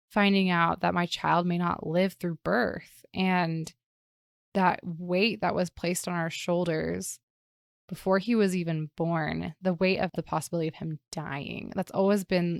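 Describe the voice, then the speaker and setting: A woman's voice: fairly low pitch, vocal fry, dry recording, studio quality. A woman hosting a podcast, telling a personal story in a reflective, emotional way, with many "like" fillers. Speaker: podcast host and parent.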